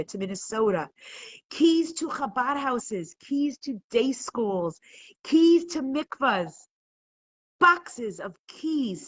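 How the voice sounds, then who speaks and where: A woman's voice: a little high, a bit bright, low-quality recording. A woman leading a live online class, speaking with emotion and building to emphatic peaks, sometimes stumbling and repeating words when moved. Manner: impassioned, rising to emphatic peaks.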